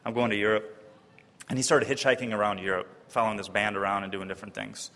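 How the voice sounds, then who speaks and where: A man from Wisconsin telling a personal testimony story in a lively way, acting out the voices of the people he quotes. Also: fast. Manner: lively, acts out quoted voices, often pitching up high in disbelief. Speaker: speaker giving a personal testimony. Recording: long reverb of a large hall.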